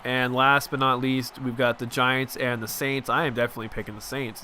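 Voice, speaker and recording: A man's voice: mid-range voice, level tone, sharp tone, a little hiss or hum. A young man hosting a football video game channel, chatting loosely and venting about his team as he plays. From Southern California. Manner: rambling, chatty, quick to vent. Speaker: gaming channel host. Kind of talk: casual game commentary.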